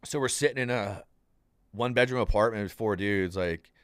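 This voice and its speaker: A young man tells a story on a podcast in a low voice, rambling and animated. He keeps saying "dude" and acts out what the people in it said. The sound is dry and close to the mic. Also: brisk, smooth, no room sound. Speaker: podcast guest. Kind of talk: casual storytelling.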